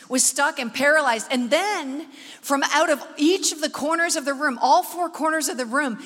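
A woman preacher telling a story in an animated sermon, acting out what people said and asking the audience questions, recorded live in a large concert hall. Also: high voice. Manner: animated, acts out dialogue, asks audience questions. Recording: long hall reverb from a live event.

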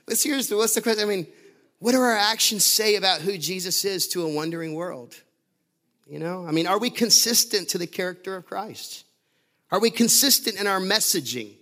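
A man preaching in a lively, chatty way, slipping into laughter and stumbling over restarts as he tells a story. His voice sits a little higher than most men's. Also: moderate pace, pauses often. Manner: animated, laughing often, many restarts and fillers. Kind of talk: sermon with storytelling.

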